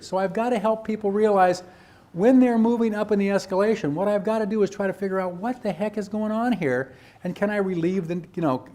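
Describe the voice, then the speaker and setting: A man's voice: sits high, darkish tone. A man giving a lecture to educators, acting out teachers and students and asking rhetorical questions. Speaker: presenter at a teacher training workshop.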